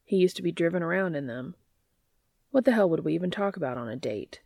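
A woman voicing a gruff, exasperated young man who talks bluntly and swears, in a storybook reading. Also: on the low side, lively intonation, fast, darkish tone, dry recording, clean studio sound.

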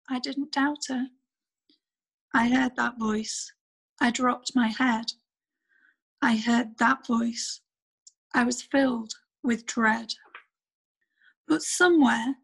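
Woman author, gentle measured bedtime story reading in rhyme. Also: fairly high pitch, steady tone, poor audio. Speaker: author reading her book.

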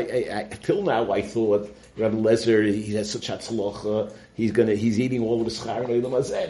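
A man giving an informal Torah talk, halting and restarting often and mixing in Hebrew and Yiddish terms. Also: fairly low pitch, steady tone, dark tone, a little hiss or hum. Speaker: Torah teacher.

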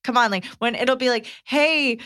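A woman's voice: medium pitch, lively intonation, fairly quick, pushed and bright, dry recording, clean studio sound. A woman co-hosting a podcast in an easygoing way, often laughing and reading listener letters. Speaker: podcast co-host. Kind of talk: casual chat.

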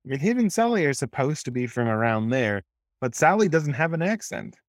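A man's voice: mid-range voice, big pitch swings, fairly quick, no echo, studio quality. A man from the American South co-hosting a casual movie review podcast, rambling and sometimes losing his train of thought. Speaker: podcast co-host.

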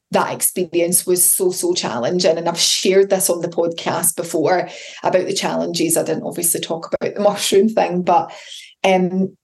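A woman with children hosts her podcast solo, telling a candid personal story in a chatty manner and acting out the voices of people she quotes. Her voice is fairly low and a little mellow.

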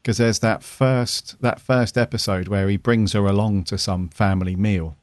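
A man with a fairly low voice, chatting loosely on a podcast and circling back with plenty of "you know"s. The sound is dry and close, with no room around it. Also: steady tone, normal speed, darkish tone, no echo. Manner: rambling, lots of "you know". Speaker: podcast co-host. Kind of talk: casual review chat.

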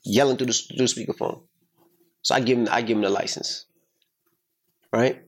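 A man's voice: mid-range voice, normal speed. Blunt, profane middle-aged man telling a story. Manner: emphatic, profane, animated retelling. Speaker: podcast host. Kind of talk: casual storytelling chat.

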